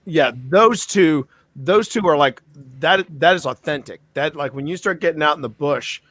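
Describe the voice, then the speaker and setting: A man's voice: fairly high pitch, normal speed, fairly bright tone, no room sound. A man co-hosting a casual podcast chat, telling rambling stories full of restarts. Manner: rambling storyteller, restarts, mimics accents. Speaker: podcast co-host.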